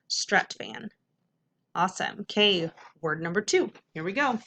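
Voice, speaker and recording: A woman teacher leading a phonics lesson for kids, patiently drilling the vowels and slowly sounding out syllables. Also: medium pitch, a bit bright. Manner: patient, repetitive classroom drills.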